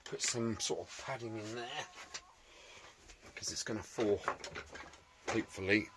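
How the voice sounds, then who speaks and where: A man's voice: fairly low pitch, unhurried, noisy background. A man talking through a restoration job in his workshop, chatty and jokey, muttering to himself and swearing mildly. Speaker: restoration video maker.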